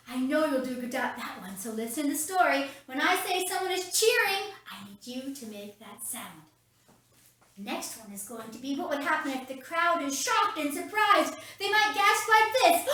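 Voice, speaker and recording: A woman's voice: sits high, lively intonation, normal speed, bright, forceful tone. A woman leading kids' story time from her home, upbeat and talking straight to the children. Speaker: children's ministry leader. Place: at home, roomy indoor space. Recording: very echoey room, mic at a distance.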